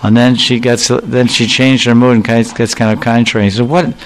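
A man's voice: medium pitch, level tone, a little fast, a little hiss or hum, poor audio. A man giving a devotional sermon, explaining verses and animatedly acting out the voices of the figures he describes. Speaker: religious speaker.

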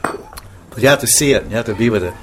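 A man's voice: lowish voice, a little fast, a bit bright, a little hiss or hum. A man teaching as a spiritual teacher in a casual devotional talk, often chuckling, restarting sentences and acting out little scenes in voices. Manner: acts out voices in anecdotes.

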